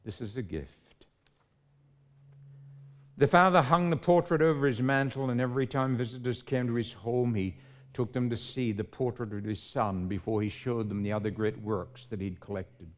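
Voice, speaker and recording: A man preaching a sermon, telling a story dramatically and slowing for emphasis. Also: medium pitch, fairly even intonation.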